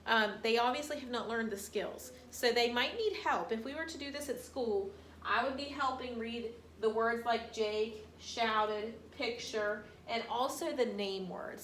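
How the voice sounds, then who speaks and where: A woman teacher giving a phonics lesson to young children, sounding out each word slowly and carefully. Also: a little high, fairly bright tone. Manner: slow, sounding out words carefully. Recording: roomy room, distant mic, faint hiss.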